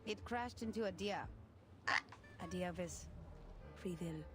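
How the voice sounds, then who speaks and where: An actress playing a stern, cold female inspector in a game cutscene, curt and deadpan. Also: on the low side, takes it slowly, over loud music.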